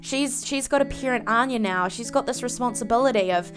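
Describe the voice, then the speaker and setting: A woman narrating a life-sim game story with animated, dramatic flair. Her voice is fairly high. Soft guitar music plays faintly in the background. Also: a little fast. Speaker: game video creator. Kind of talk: story narration over gameplay.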